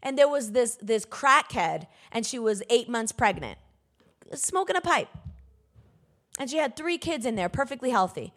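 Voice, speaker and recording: A woman preacher giving an emphatic sermon, breaking into bursts of loud exhortation. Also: on the high side, very animated, moderate pace.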